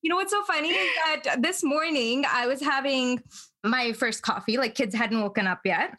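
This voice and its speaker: A woman in her thirties hosting a podcast, encouraging and quick to giggle. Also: high-pitched, sharp tone. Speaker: podcast host. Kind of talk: casual interview chat.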